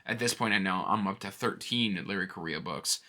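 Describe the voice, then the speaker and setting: A man in his thirties hosting a casual book vlog, chatty and rambling, with animated asides. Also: deep voice, fairly quick. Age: 30s. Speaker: book channel host.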